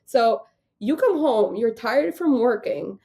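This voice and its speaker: A woman speaking as a podcast guest in a casual interview, halting and full of fillers and restarts. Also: a little high, lively intonation, dark tone.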